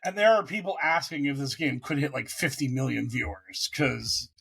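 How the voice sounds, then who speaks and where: A man's voice: mid-range voice, moderate pace, gravelly, husky. A man co-hosting a casual sports podcast, rambling and profane as he tells stories. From United States. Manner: rambling, profane, animated storytelling. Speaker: podcast co-host.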